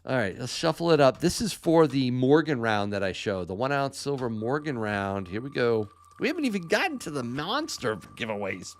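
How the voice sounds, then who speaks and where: A man's voice: mid-range voice, sing-song, moderate pace, hardly any pauses. A man hosting a live podcast giveaway, upbeat and laughing often as he calls out winners' names. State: out of breath. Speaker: podcast host. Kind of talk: livestream giveaway chat.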